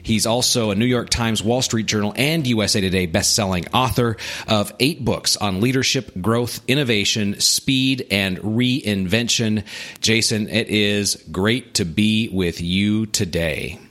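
A man hosting a podcast, introducing his guest in a measured, friendly way and chatting casually. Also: fairly low pitch, fairly bright tone. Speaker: podcast host. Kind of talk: host introduction and casual chat.

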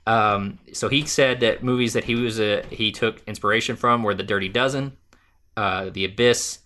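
A man co-hosting a podcast, talking casually and animatedly, with rambling restarts and quick laughs. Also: fairly low pitch, bright, forceful tone. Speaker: podcast co-host. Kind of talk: casual movie discussion.

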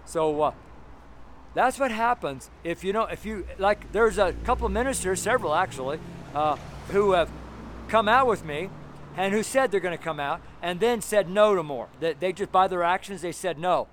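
A man preaching a fervent street sermon outdoors beside a busy road, talking loudly and emphatically. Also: high voice, animated, normal speed, slight background noise. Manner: fervent, emphatic, loud at times.

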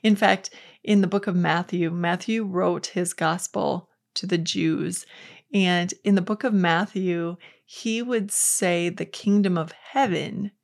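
A woman's voice: on the low side, steady tone, slow pace, gravelly. A woman hosting a faith podcast, giving an earnest, conversational Bible teaching with quotes acted out. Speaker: podcast host.

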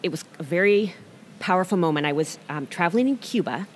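Lowish-voiced woman telling a story. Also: fairly quick, slight background noise. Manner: animated storyteller who acts out quotes. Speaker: featured artist guest. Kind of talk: casual storytelling interview.

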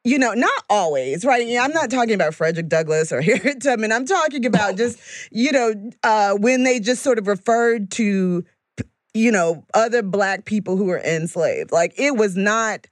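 A woman scholar, a podcast guest, in a casual discussion, animated and laughing often. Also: medium pitch, normal speed, dry recording, clean studio sound.

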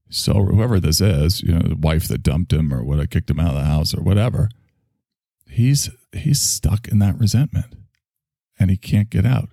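A man's voice: sits low, animated, normal speed, gravelly, mellow, no echo, studio quality. A man, a spiritual teacher, telling a rambling, digressive story in a casual monologue, swearing now and then.

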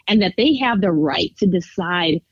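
A woman guest on a podcast, upbeat and quick to laugh, turning earnest when she explains her views. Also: lowish voice, expressive, husky, no echo, lo-fi sound. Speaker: congressional candidate guest. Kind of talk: casual podcast conversation.

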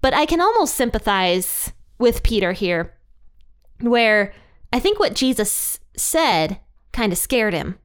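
A woman's voice: a little high, very animated, takes it slowly, clean tone. A woman hosting a Bible study, explaining scripture in a chatty way with light laughs between points. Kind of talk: casual Bible teaching.

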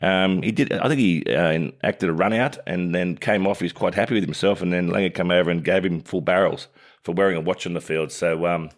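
Deep-voiced Australian man, laid-back sports chat. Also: fairly even intonation, brisk. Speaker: sports radio co-host, former cricketer.

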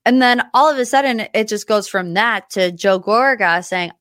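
Female podcast host, mid-range voice, chatty and lively, dry booth sound. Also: mid-range voice, moderate pace, no echo. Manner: chatty, animated, does impressions of cast members. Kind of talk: casual recap monologue.

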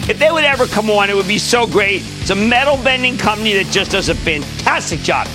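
An older man hosting a finance call-in show, excitable and emphatic in rapid-fire bursts. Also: sits high, over music. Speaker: TV stock market show host.

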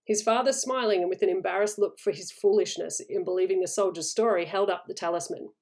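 A woman narrating a story in a steady, even read-aloud manner. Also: medium pitch, quick pace, few pauses. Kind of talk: storybook reading.

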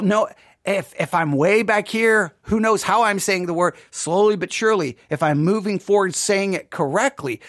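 A woman's voice: mid-range voice, a bit bright, no room sound, studio quality. A woman hosting a podcast Bible lesson, talking it through conversationally and often checking in with her listeners. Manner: conversational, keeps checking in with "right?". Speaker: Bible study teacher and podcast host.

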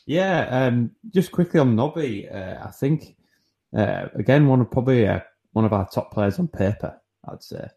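A man's voice: medium pitch, expressive, moderate pace, dark tone. A man co-hosting a podcast, going through listeners' suggestions with hesitant fillers. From not from Newcastle. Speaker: podcast co-host. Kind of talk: casual chat.

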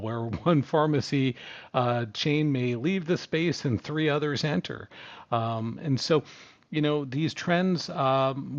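A man's voice: medium pitch, highs cut off. A man with a New York accent hosting a live audio podcast, chatty and conversational with frequent fillers. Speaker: podcast host. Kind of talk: casual live podcast chat.

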